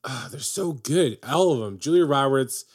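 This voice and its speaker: A man's voice: medium pitch, lively intonation, moderate pace, a little mellow, breathy edge. A man co-hosting a casual podcast, chatting about films in a wry way and swearing casually. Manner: wry, swears casually, acts out movie quotes. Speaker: podcast co-host. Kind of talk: casual movie chat.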